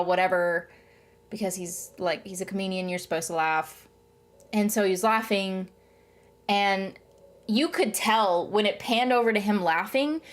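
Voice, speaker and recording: A young adult woman chatting casually to camera as a vlogger, rambling with lots of "um" and "like" and retelling things animatedly. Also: mid-range voice.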